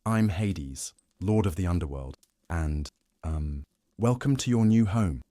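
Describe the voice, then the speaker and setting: A man's voice: sits low, animated, unhurried, warm tone, no room sound. A man voicing an awkward male god of the dead who chats like a salesman giving a home tour.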